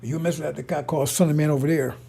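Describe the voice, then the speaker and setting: A man's voice: on the high side, steady tone, quick pace, creaky, dark tone, husky. A middle-aged man giving a casual preaching monologue as a religious commentator, rambling and repetitive, blunt and profane.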